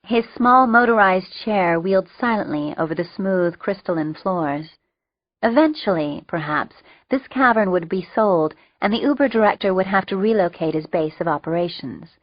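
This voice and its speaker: A woman narrating an audiobook with steady, wry storytelling. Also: mid-range voice, moderate pace, dry recording. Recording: dull lo-fi dry recording.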